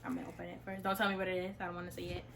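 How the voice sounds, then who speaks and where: A teenage girl opening gifts in a casual home vlog, breaking into loud, repeated excited exclamations. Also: on the low side, rapid-fire, vocal fry, slight background noise, poor audio. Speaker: vlogger.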